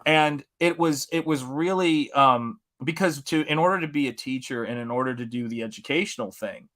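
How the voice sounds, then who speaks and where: A man from Tennessee hosting a live art stream, telling a story in a casual, animated way with frequent laughs and swearing. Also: mid-range voice, moderate pace. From Tennessee, USA.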